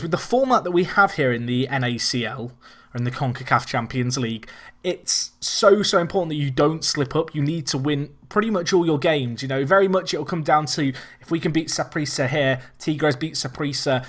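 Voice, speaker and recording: A young man chatting excitedly as he commentates his own football management game. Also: fairly high pitch. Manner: excitable, chatty, self-deprecating. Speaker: let's play host.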